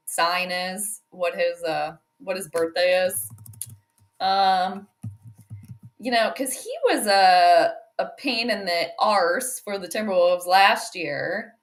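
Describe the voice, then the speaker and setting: A woman's voice: medium pitch, a bit bright. A woman hosting a casual sports astrology talk, rambling with many "um"s and "like"s. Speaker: host.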